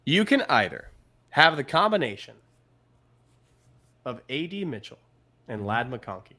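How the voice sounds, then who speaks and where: A man's voice: mid-range voice, very animated, a little slow, pushed and bright. Guy cohosting a sports pod, emphatic, says stuff twice for effect. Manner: emphatic, repeats points for stress. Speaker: podcast co-host. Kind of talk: casual sports podcast chat.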